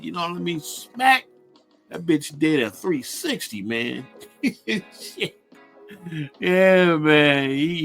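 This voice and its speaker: A man hosting a radio show, telling a street story in a laid-back, crude and boastful way, with halting restarts. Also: a little high, vocal fry, a bit bright. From Ohio. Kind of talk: casual profane storytelling.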